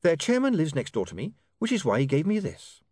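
A man voicing a sharp, indignant young working woman who lectures in a heated, snappy way. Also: on the high side, huge pitch swings, a little fast, breathy edge, no echo, pitched above the performer's own voice, heavily acted.

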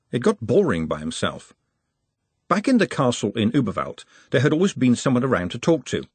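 A man narrating an audiobook in a wry, expressive storytelling manner. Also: mid-range voice, breathy edge, dry recording.

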